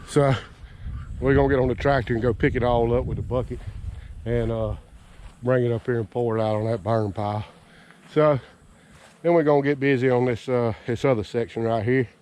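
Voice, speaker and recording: A man's voice: mid-range voice, dark tone. A man, out of breath, rambling through a folksy, self-deprecating homestead vlog outdoors in a garden field. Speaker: homesteading vlogger. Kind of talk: casual outdoor vlog narration.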